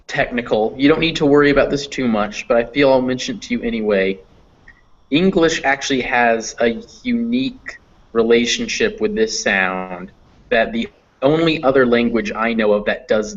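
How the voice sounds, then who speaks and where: Male online teacher, patient and explanatory, mid-range voice, muffled call audio. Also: mid-range voice. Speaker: online English phonetics teacher. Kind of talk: live online class explanation. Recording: dull lo-fi online class audio.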